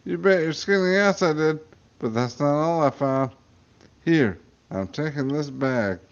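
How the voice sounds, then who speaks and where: A man's voice: fairly high pitch, expressive, measured pace, highs cut off. A man doing a crude little creature. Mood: offhand. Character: crude scheming small creature, chain-smoking.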